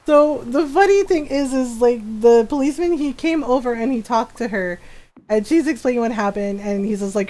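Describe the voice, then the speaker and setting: A woman's voice: a little high, normal speed, dark tone. A woman streamer chatting casually while gaming, telling a family story with lots of laughs, fillers and tag questions. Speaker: game streamer.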